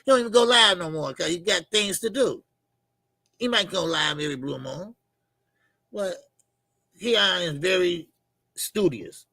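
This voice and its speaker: Gravelly bright-voiced guy rambling on his boxing stream, lots of you know and okay, kinda husky. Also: a little high, no echo. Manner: loose, rambling, many fillers and repeats. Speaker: livestream host. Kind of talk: casual live chat reading comments.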